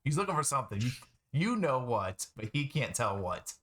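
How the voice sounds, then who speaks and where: Man, game master, tabletop game narration, animated pitch, frequent laughter. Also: normal speed, a little hiss or hum. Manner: laughs often, searches his notes aloud.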